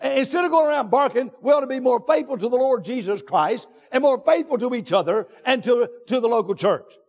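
A man preaching a sermon from the pulpit, emphatic, drawn out and repetitive, rising to shouts on his key points. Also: extremely high pitch, animated. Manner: drawn-out deliberate phrasing with repetitions. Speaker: pastor. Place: church sanctuary. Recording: long reverb of a large church hall.

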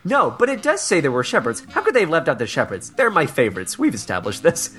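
A man voicing a fussy older woman columnist, prim and nagging, in a high, prissy tone. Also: wildly swooping pitch, fast, a bit bright, soft background music.

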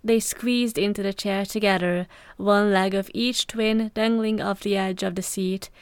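A woman reading a fan story aloud in a steady, even narration. Her voice is smooth and clear, recorded dry and close to the mic. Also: medium pitch, a little slow, no echo. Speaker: podfic reader. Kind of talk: scripted narration.

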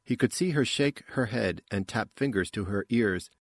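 A man narrating an audiobook in an unhurried, expressive manner. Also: lowish voice, husky, no room sound, studio quality. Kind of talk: scripted narration.

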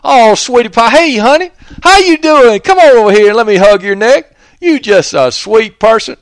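A doting, affectionate older Southern woman coos in a high, sing-song voice, as a man puts her on. Her voice swoops up and down with a thick Southern accent. The recording is close and dry. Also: lively intonation, normal speed, no echo. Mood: gushing.

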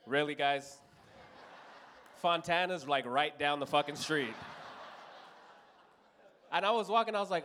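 A man's voice: fairly high pitch, unhurried, long pauses, fairly bright tone, a little hiss or hum. A man from Los Angeles in his thirties telling a profane stand-up story on a comedy club stage, acting out other people's voices.

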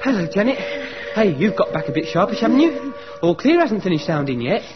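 An actor playing a naive, eager young bank clerk in a radio comedy, recorded with a muffled sound. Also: male voice, sits high, sing-song, brisk, loud music behind the voice. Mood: chatty. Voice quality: eager, flustered. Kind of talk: 1970s radio comedy acting.

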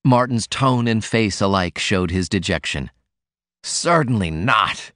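A man reading a classic novel aloud as an audiobook narrator, in a measured, steady way. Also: lowish voice, dry recording, clean studio sound.

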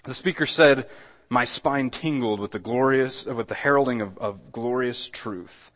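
A pastor preaches a sermon in a conversational way, with a mid-range voice and a slightly slow pace. He often repeats words and restarts his sentences, then swells louder on the key points.

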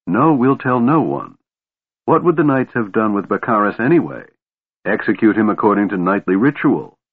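A man's voice: lowish voice, sing-song, normal speed, breathy edge. Laurana, a man voicing an imperious elf general. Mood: bitter. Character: proud young elf woman general, cold and imperious. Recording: tinny phone-like audio.

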